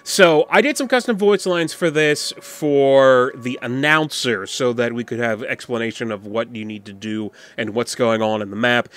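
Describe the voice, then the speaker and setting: A man's voice: medium pitch, animated, a little slow, fairly bright tone, clear, resonant tone, dry recording. Rambling man walking through his game map. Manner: rambling, thinking aloud with fillers. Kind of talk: casual map walkthrough.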